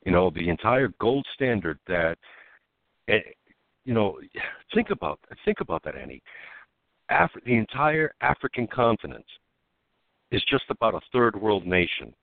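A man with a deep voice that swings widely in pitch, co-hosting a political talk radio show. He tells stories in an animated way and laughs as he goes. His voice comes through a narrow, phone-like line with no room sound. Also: moderate pace, gravelly, long pauses, dry recording.

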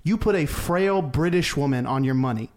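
A man co-hosting a comedy sports podcast, delivering a mock-serious, deadpan roast and laughing at his own jokes. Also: a little high, normal speed. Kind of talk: comic rant on a podcast.

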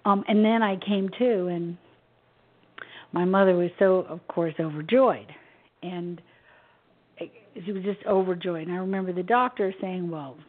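A woman in her sixties, from Memphis, Tennessee, a guest author telling a personal story in a soft, halting way. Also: fairly low pitch. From Memphis, Tennessee, USA. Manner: soft-spoken, halting, with small laughs. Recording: tinny phone line.

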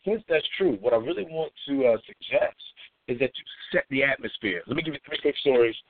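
A man's voice: medium pitch, lively intonation, fairly quick, background noise. A middle-aged man hosting a morning devotional call as a pastor, greeting listeners by name in a loose, chatty way between his points. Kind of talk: live-streamed morning devotional. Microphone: phone line. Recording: phone-line conference call audio.

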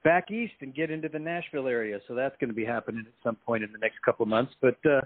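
A man's voice: medium pitch, quick pace, no echo. Easygoing man on a phone line. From United States. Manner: easygoing, chatty storyteller. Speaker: guest musician. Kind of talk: casual radio interview. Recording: dry phone-line audio.

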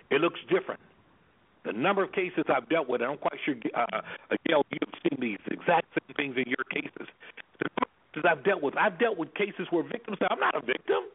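Guy with a high husky voice, preachy and emphatic, coming through a tinny phone line. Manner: emphatic, preacher-like, repeats "guess what". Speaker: anger management specialist. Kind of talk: radio talk show guest. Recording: phone-line radio sound.

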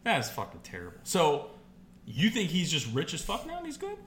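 Lively, bright-voiced man telling animated stories. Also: on the high side, brisk. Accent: Midwestern American. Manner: animated storyteller, acts out quoted voices. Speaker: podcast co-host. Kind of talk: casual chat. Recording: echoey room with faint background noise.

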